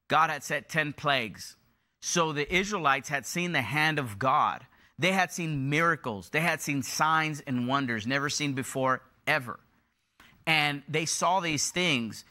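A man's voice: on the high side, bright, forceful tone. A middle-aged male pastor preaching a sermon, repeating phrases for emphasis and building in intensity.

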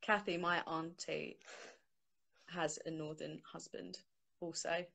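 Chatty low-voiced young woman host. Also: little pitch movement, slow pace, gravelly, sharp tone. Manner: chatty, laughing, informal. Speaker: host of her book launch. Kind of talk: casual live-stream chat. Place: home, on a sofa. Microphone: phone.

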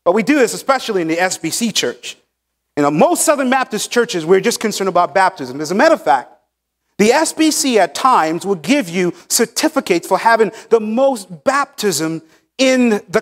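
Pastor, male, higher voice, emphatic teaching sermon in a church sanctuary. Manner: emphatic teaching preacher, pausing on key words. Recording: long church hall reverb.

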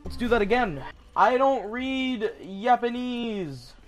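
A young man hosting a gaming channel, giving casual, excitable gameplay commentary and swearing when startled. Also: very high-pitched, takes it slowly, soft background music.

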